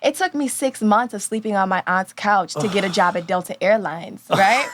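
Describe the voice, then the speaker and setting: A woman from New Orleans in her thirties, a news anchor talking as a podcast guest, confident and animated, laughing often. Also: medium pitch, normal speed, a little hiss or hum. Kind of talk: casual podcast interview.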